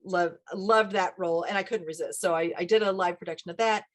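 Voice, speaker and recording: Woman, middle-aged, dialect coach, casual interview, animated asides. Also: lowish voice. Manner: animated, quick asides, laughs often.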